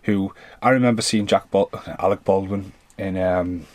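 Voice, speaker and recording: A man's voice: deep voice, steady tone, moderate pace, darkish tone, dry recording. A man in his thirties or forties doing an unscripted film review rant, rambling, swearing freely and drifting off on tangents.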